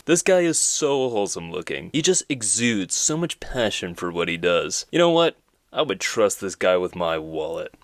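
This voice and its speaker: A man's voice: deep voice, animated, moderate pace, few pauses. A man in his twenties hosting an animation channel, giving joking, self-deprecating comedic commentary.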